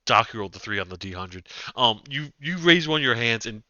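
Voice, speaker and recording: A man's voice: medium pitch, lively intonation, fairly quick, sharp tone, no room sound. A man acting as game master, narrating actions and rulings in a casual way that includes some swearing. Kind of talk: running a tabletop game. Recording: slightly dull dry mic.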